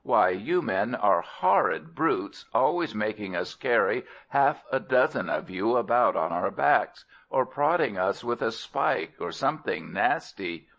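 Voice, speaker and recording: A resentful old elephant grumbles with scorn, as a man reads his part in a storybook. The voice stays low and unhurried. The recording sounds dull and lo-fi. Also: very animated, fairly bright tone, exaggerated voice. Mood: scornful.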